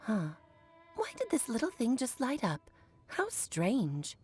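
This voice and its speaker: A woman's voice: on the high side, huge pitch swings, slow, darkish tone, soft background music, heavily acted. A woman voicing a playful, coy witch mother telling an old story in a video game.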